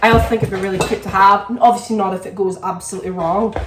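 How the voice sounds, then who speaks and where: A woman's voice: mid-range voice, fairly even intonation, very fast, background noise. Chatty young woman vlogging in an echoey kitchen. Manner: chatty, rambling, full of "like". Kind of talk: casual vlog chat. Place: home kitchen. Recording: echoey room.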